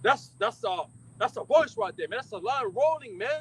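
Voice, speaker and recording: A man preaching loudly and emphatically, swearing freely and mocking his critics between scripture readings. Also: very high-pitched, expressive, moderate pace, gravelly, slightly rough, rough recording. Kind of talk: fiery street-style preaching.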